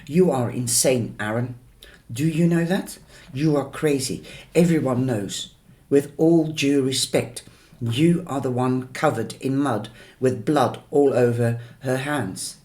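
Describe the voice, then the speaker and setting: A man voicing a defiant, sharp-tongued teenage girl who snaps her lines fiercely in a storybook reading. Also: takes it slowly, lightly acted. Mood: snappish. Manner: fierce, shrill and snappish.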